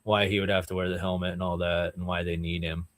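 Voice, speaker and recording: A man's voice: sits low, little pitch movement, quick pace, a bit bright, no room sound. Enthusiastic man talking comics. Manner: enthusiastic, explains details, says "like" and "dude" often. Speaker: podcast co-host. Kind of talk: casual comic-book discussion.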